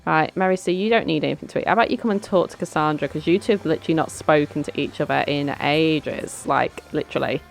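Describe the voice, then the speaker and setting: A woman's voice: deep voice, quick pace, vocal fry, hardly any pauses. A young woman chatting through a life-sim game, bossing her characters around and giggling. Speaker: let's play host. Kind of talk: casual gameplay commentary. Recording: faint background music.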